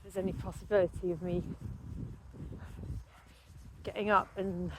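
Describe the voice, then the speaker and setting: A woman's voice: lowish voice, little pitch movement, measured pace. A woman chatting to her viewers as she walks, getting out of breath and rambling with many fillers. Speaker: vlogger. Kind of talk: casual walking vlog. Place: park outdoors at sunrise. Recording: noisy outdoor phone recording. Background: birdsong, dogs and passing traffic.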